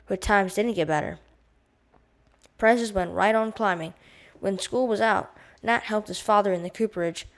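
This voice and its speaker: Creaky-voiced woman reading aloud. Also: mid-range voice, moderate pace. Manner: stumbles and restarts, adds explanations. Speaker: audiobook reader. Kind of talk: casual read-aloud for homeschool.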